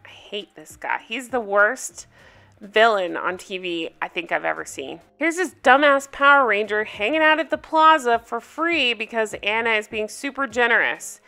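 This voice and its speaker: A woman's voice: fairly high pitch, animated, normal speed, vocal fry, pushed and bright. A woman hosting a casual TV recap video, talking bluntly and emphatically and swearing freely. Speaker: reality TV recap host.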